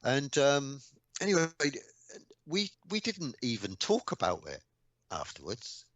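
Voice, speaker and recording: A man in his sixties from England, a radio guest recounting old memories casually, with lots of ums and mounting excitement. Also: mid-range voice, unhurried, no echo. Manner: animated anecdotes, rising excitement, frequent ums. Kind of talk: casual storytelling interview.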